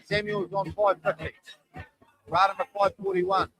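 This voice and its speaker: High-voiced New commentator with music. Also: male voice, steady tone, moderate pace, fairly bright tone, low-quality recording. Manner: chatty, folksy, calls running tallies. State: tired after a long day. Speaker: shearing commentator. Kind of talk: live sports commentary. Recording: clear music behind the voice.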